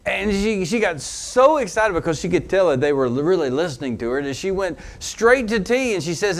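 Lively storytelling male pastor. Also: fairly quick, few pauses. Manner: animated storyteller who laughs along with his own anecdote; drops to a low, earnest tone for the teaching points. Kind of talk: sermon storytelling.

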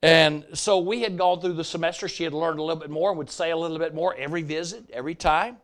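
An older man with a Southern accent preaching a sermon, telling stories with animated storytelling and acting out the people he quotes. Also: fairly high pitch, quick pace.

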